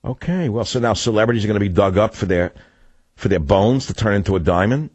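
A New talk radio host with a low, husky voice tells rambling, sardonic stories that drift from one subject to another. His voice sits close and dry on a studio microphone with no room sound around it. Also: fast talker, a little mellow, no echo, dull audio. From New York. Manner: rambling, digressive, sardonic storytelling.

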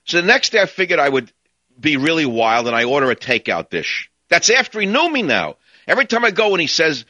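A man's voice: medium pitch, very animated, fairly quick, pushed and bright, dry recording, dull audio. A man hosting a talk radio show, ranting and sarcastic in his monologue.

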